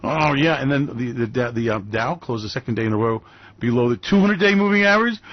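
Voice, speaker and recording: A male radio host gives sarcastic, theatrical commentary, gushing in mock praise. His voice sits fairly high, and the recording is dry with a slightly dull tone. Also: fairly quick, dry recording.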